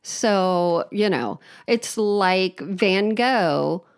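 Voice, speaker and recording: A woman co-hosting a podcast, chatting casually in an unhurried way. Her humor is dry and deadpan, and she often laughs at her own jokes. Her pitch sits in the middle of the usual range. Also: smooth. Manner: wry, deadpan joking with laughs. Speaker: podcast co-host. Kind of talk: casual chat.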